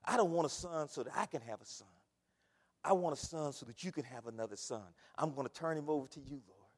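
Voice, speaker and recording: A man's voice: fairly high pitch, fast talker, darkish tone, long reverb tail, natural voice. A preacher voicing a woman praying for a son. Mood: beseeching. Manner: earnest, beseeching.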